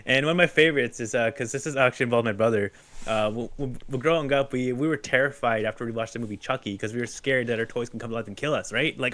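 Man telling a lively story, laughing. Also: mid-range voice, a little fast. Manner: lively storyteller, laughs often, acts out quotes. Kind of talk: casual chat.

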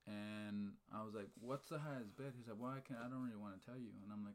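A low-voiced man talks fast with few pauses, telling a story energetically in casual chat. Fired up and animated, he keeps saying "right?" and "okay?", swears casually, and talks about faith.

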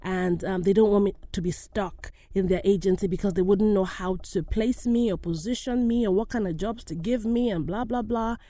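A woman's voice: mid-range voice, mellow, dry recording. A woman with an African accent, an actress telling a personal story to camera in a candid, wry way. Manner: candid, wry, slightly halting with fillers.

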